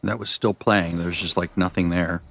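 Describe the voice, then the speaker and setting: A man gives casual, off-the-cuff commentary while he plays a video game. His voice sits a bit low, and he rambles and makes fun of his own slip-ups. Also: little pitch movement, normal speed, vocal fry, a bit bright, slight background noise. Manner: rambling, self-deprecating. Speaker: streamer.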